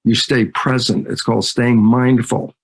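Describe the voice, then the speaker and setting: A man guesting on an interview explains ideas emphatically and, as an animated storyteller, acts out both sides of conversations. His medium-pitched voice moves a little slowly and carries vocal fry.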